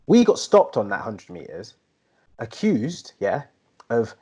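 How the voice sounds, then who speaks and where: A man's voice: medium pitch, huge pitch swings, takes it slowly, warm tone, breathy edge. A man from the UK co-hosting a casual chat podcast, talking in an earnest, reflective way with many fillers. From United Kingdom. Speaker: podcast co-host.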